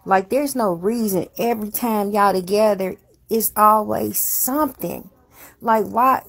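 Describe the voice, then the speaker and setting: A woman's voice: mid-range voice, measured pace, gravelly, husky. A woman hosting a show, giving frank, blunt advice in casual chat with some cursing.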